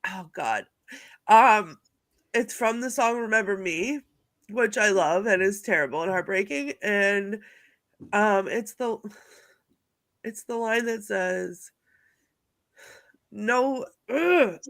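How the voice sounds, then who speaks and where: A woman's voice: medium pitch, slow, long pauses. A woman co-hosting a podcast in casual chat, emotional and giggly as she talks. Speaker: podcast co-host.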